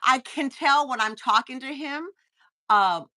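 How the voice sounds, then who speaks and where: A woman's voice: sits high, lively intonation, a little slow, sharp tone. A woman with a Texan accent hosting a casual live-stream chat, talking in chatty bursts with frequent restarts and reading viewer comments aloud. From Texas. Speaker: host.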